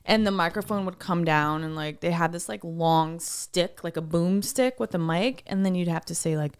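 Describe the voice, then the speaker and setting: A woman's voice: lowish voice, normal speed, smooth. A woman co-hosting a podcast in casual chat, giggly and rambling with frequent restarts. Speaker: podcast co-host.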